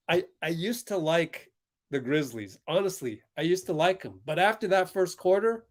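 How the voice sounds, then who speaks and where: This is a young man hosting a basketball watch-along live, his slightly high voice animated and his pace moderate. Heated and exasperated, he laughs and sighs a lot.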